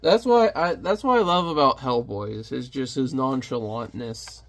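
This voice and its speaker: A man's voice: medium pitch, normal speed. A man giving a casual comic review, narrating panels animatedly and throwing in sound effects.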